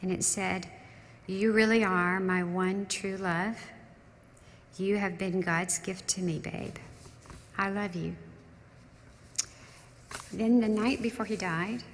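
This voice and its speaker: A woman's voice: on the low side, slight background noise. A woman in her sixties giving a heartfelt memorial tribute to her husband, telling stories with frequent restarts. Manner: emotional storytelling, trails off and restarts. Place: large church sanctuary. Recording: long church hall reverb with faint ambience.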